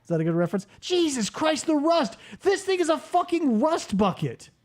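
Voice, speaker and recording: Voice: high-pitched, very animated, moderate pace, darkish tone. A brash radio host who swears a lot and jokes nonstop. The voice rises and falls all over the place. This is loose, profane banter between friends on air. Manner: brash, joking, swears freely.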